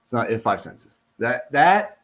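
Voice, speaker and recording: Going through a report, this retired police officer from the United States, middle-aged, comments casually and bluntly, swearing and growing animated and heated. His mid-range voice moves at a normal speed.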